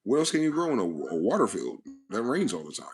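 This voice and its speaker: A man's voice: on the low side, huge pitch swings, quick pace, soft background music. A man hosting a profane, aggressive monologue, hectoring his listeners with rhetorical questions. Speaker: channel host. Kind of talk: ranting monologue.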